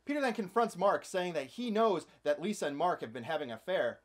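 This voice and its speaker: A man's voice: high-pitched, very animated, fairly quick. A man hosting a comedic movie recap, narrating with sarcastic, playful asides. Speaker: host.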